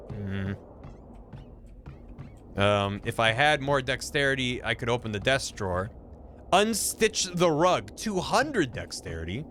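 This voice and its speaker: Playful, lively-voiced male streamer. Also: a little high, slight background noise. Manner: playful, jokey. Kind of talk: game playthrough, reading game text aloud.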